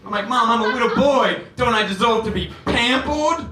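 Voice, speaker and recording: A man's voice: very high voice, moderate pace, noisy background, voice pushed up. A man putting on a cheeky four-year-old comic. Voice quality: odd kid voice that weirds people out. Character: four-year-old boy doing stand-up, cheeky, gross-out jokes. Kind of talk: stand-up comedy character bit. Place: comedy club stage. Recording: roomy club, distant mic, crowd laughter.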